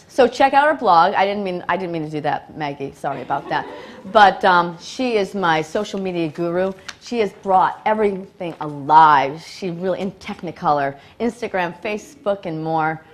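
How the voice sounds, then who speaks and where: A woman giving an excited, grateful acceptance speech at a live award event, laughing often and nervous enough that her hands shake. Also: mid-range voice.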